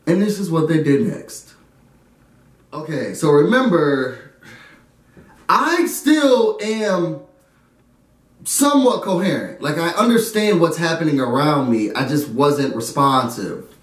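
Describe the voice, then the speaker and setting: A young man telling a story in an animated way, often laughing and acting out his friends. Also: fairly high pitch, takes it slowly, long pauses. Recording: echoey room, a bit far from the mic.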